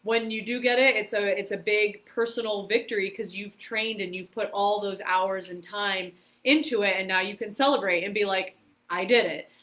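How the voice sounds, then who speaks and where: A woman's voice: mid-range voice, moderate pace, few pauses. Chatty, laughing woman telling stories. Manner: animated, laughing, many "like" fillers. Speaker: podcast guest, karate competitor and stunt performer. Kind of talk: casual storytelling interview.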